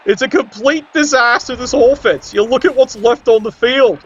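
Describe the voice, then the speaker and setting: High-pitched sarcastic commentator. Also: male voice, normal speed, breathy edge, lo-fi sound. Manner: sarcastic, excitable, swears often. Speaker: game commentator. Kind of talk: tabletop video game commentary.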